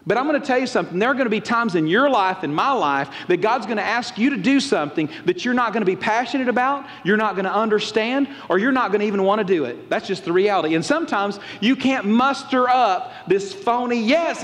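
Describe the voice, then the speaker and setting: A pastor preaching a folksy, animated sermon and acting out quotes. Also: male voice, sits high, a little fast, few pauses. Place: church auditorium. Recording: long reverb of a large church hall.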